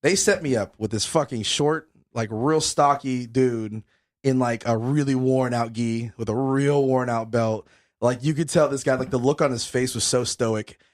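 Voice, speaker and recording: Still winded, a young male podcaster swears freely while telling an energetic story in a casual chat. His pitch is mid-range and his pace moderate.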